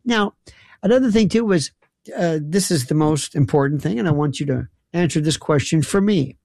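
A man's voice: fairly high pitch, normal speed, creaky, darkish tone, no echo, clean studio sound. A man hosting a late-night call-in radio show, talking in a wry, rambling, sarcastic way. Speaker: radio talk show host.

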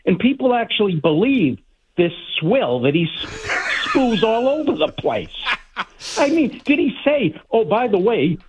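A man's voice: high-pitched, very animated, unhurried, noisy background. A man calling in to a sports radio show, ranting with indignant sarcasm. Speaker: caller. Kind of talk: heated call-in rant. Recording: tinny phone line.

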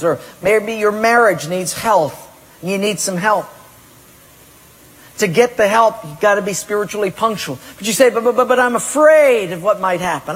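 A pastor preaching a sermon, emphatic, acting out people's excuses in a raised voice. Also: male voice, high-pitched, husky, big-room sound, low-quality recording.

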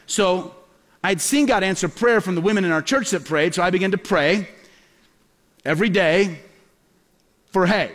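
A middle-aged man with a notably high voice preaches a storytelling sermon. He acts out the people he quotes with lively shifts. His voice rings with a long hall reverb. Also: moderate pace, long pauses. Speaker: pastor.

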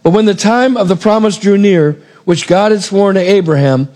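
A man preaching a sermon, retelling a scripture story in a lively way and acting out the characters' lines. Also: high-pitched, moderate pace. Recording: long reverb of a large hall.

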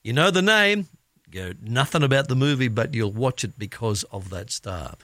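Chatty Australian radio host, lively pitch. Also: male voice, normal speed, dry recording. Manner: chatty, laughing, reads listener comments aloud. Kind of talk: casual radio chat. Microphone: studio microphone.

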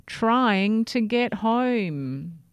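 Woman doing little toothbrush guy, high and eager, slow and swoopy, storybook voice. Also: expressive, clean tone, dry recording, studio quality. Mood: earnest. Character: brave little male toothbrush, hopeful.

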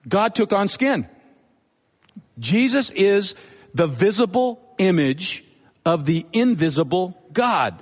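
Pastor with a higher voice, echoing hall. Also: male voice, very animated, slow pace, breathy edge. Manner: earnest teaching delivery, Bible quotations. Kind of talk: expository sermon.

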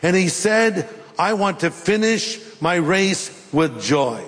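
A middle-aged man delivering a sermon in a fairly high voice, acting out scripture scenes with lively changes. His words ring with the long reverb of a large hall. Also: takes it slowly. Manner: animated, acts out biblical dialogue in voices. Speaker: pastor.

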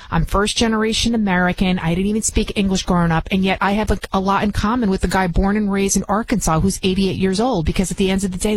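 A woman's voice: medium pitch, slight background noise, rough recording. A woman with a Bronx accent guest-hosting a radio talk show, chatty and emphatic, often restarting her sentences. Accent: Bronx New York. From Bronx, New York.

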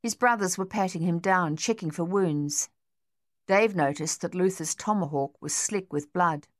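Woman reading an audiobook, lowish voice, steady and measured, super dry mic. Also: no echo. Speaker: audiobook narrator. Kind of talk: scripted narration.

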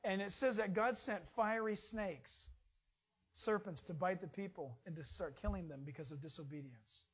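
High-voiced folksy male preacher. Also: normal speed, husky. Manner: folksy, jokey, swings from loud to hushed. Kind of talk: informal sermon.

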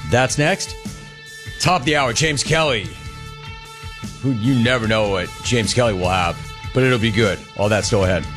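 A man's voice: mid-range voice, moderate pace, pauses often, over music. A man in his fifties hosting a sports talk radio show, telling stories in a wry, conversational monologue. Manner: animated storyteller, wry and conversational.

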